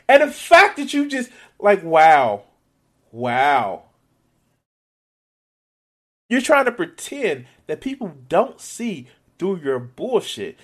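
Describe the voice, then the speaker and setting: A man reacts to a clip with exasperated, sarcastic commentary and plenty of swearing. His voice sits high and swings widely in pitch. He keeps stopping to mock what he hears. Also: huge pitch swings, slow, long pauses, a bit bright.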